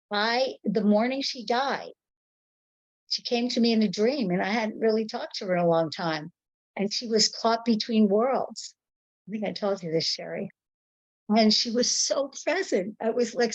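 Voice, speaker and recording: A woman's voice: mid-range voice, dry recording, muffled recording. A woman sharing a personal memory in casual talk, rambling and searching for words, on a video call.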